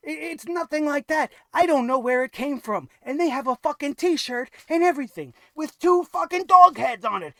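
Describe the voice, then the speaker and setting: A wrestling show reviewer ranting sarcastically, swearing and now and then bursting into shouts. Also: medium pitch, creaky, dry recording, clean studio sound.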